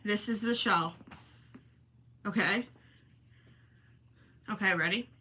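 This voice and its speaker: A woman's voice: medium pitch, slow, bright, forceful tone, slight background noise. A woman with a Minnesotan accent hosting a casual livestream from home, chatting with viewers, reading their comments and often apologizing with a self-deprecating tone. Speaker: livestream host. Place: home, indoors.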